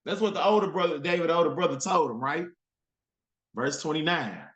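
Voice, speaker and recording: A man's voice: fairly high pitch, fairly quick, fairly bright tone, lo-fi sound. A man teaching a Bible class who reads archaic verses aloud and then retells them in street slang. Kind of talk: scripture reading with commentary. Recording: roomy echo.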